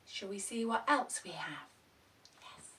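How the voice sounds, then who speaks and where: A woman reading a picture book to preschool children, with gasps, hushed whispers and excited cheers, coaxing them with sing-song questions. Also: mid-range voice, unhurried, noisy background. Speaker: children's storyteller host.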